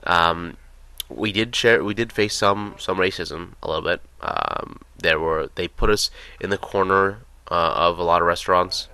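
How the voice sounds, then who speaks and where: A man's voice: low-pitched, normal speed, sharp tone, no echo. A young American man telling casual, rambling stories in a chatty way, with many fillers. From United States. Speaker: vlogger. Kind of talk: casual storytelling.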